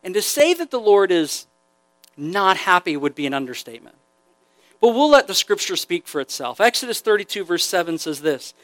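A man's voice: sits high, moderate pace, no echo. A man preaching a casual, joking sermon to a youth group, reading scripture aloud between asides. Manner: conversational, joking, animated preaching.

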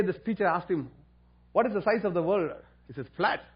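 Brief: male preacher, fairly high husky voice, muffled lo-fi recording. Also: very animated, fast talker. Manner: storytelling, rising to loud emphatic preaching. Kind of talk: sermon with testimony.

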